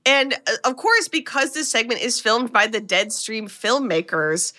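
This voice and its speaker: A woman's voice: a little high, unhurried. A woman co-hosting a podcast, animatedly recapping a horror movie in casual chat, full of "like" fillers. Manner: animated storyteller, lots of "like" fillers. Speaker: podcast co-host.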